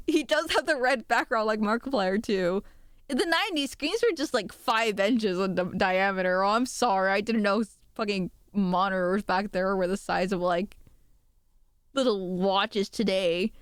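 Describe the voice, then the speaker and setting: A young woman streamer chats to her viewers in a fairly high voice that jumps up when she gets excited. She swears freely and pokes fun at herself. The sound is close and dry, with no room echo. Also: clear, resonant tone. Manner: excitable, swears often, self-mocking. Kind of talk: casual stream chat.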